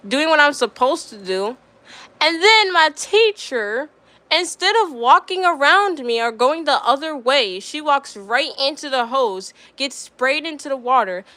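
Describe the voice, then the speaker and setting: A woman's voice: sits high, sharp tone, dry recording. A young woman streamer telling a story in casual chat, rambling with lots of fillers and getting riled up.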